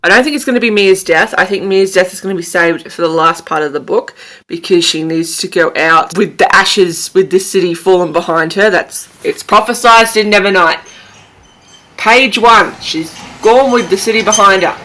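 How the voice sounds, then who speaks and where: A woman's voice: medium pitch, normal speed, pushed and bright, low-quality recording. A young woman chatting casually in a reading vlog, gushing and emotional as she rambles about a book. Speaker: book vlogger. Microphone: camera mic, wears glasses.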